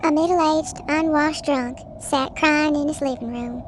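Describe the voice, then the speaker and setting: A woman's voice: sits high, fairly even intonation, unhurried, noisy background. A woman narrating a scripted commentary in a sarcastic, mocking tone, full of dramatic rhetorical questions. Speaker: commentary channel host.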